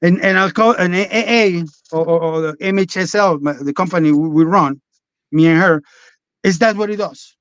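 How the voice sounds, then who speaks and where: A man with a high-pitched voice tells his own story in a candid, rambling way, swearing freely and talking bluntly. The sound is dry and close, and a bit dull and lo-fi. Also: moderate pace, a bit bright, clean tone, no room sound. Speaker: podcast guest.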